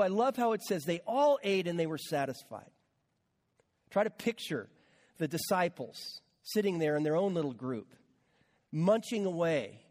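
A man's voice: fairly high pitch, darkish tone, in a large hall. A man preaching a conversational sermon as a pastor, with repeated words and casual asides to the congregation.

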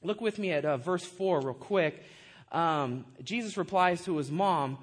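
A high-pitched man preaching in a lively, talky way, often turning to the congregation with quick asides and rhetorical questions. He has a light, raised voice for a man. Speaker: pastor. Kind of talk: sermon.

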